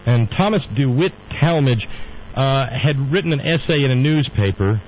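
A man's voice: medium pitch, lively intonation, moderate pace, dull audio, a little hiss or hum. A man hosting a radio show, talking in a rambling, opinionated monologue. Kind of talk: casual on-air monologue.

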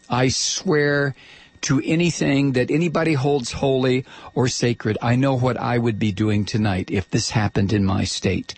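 A man hosting a political call-in radio show, angrily firing off repeated rhetorical questions and sometimes shouting. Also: medium pitch, slightly rough, dry recording. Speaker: radio talk show host.

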